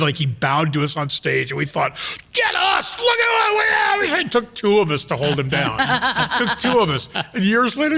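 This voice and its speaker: An American man from the Bay Area, a comedian guest telling animated anecdotes in casual chat and acting out the voices. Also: a little high, noisy background. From San Francisco Bay Area. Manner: animated storyteller, acts out voices.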